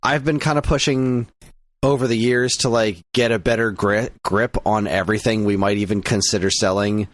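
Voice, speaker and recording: An American man co-hosting a podcast in loose, casual chat. His voice sits a bit low, and he rambles with lots of "uh" and "like" and restarts sentences. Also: fairly even intonation, moderate pace. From United States. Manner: rambling, many fillers and restarts. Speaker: podcast co-host.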